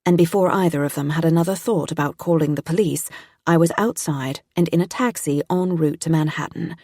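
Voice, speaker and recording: A woman reading a mystery audiobook in a tense, steady first-person narration. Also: low voice, brisk, no echo, clean studio sound.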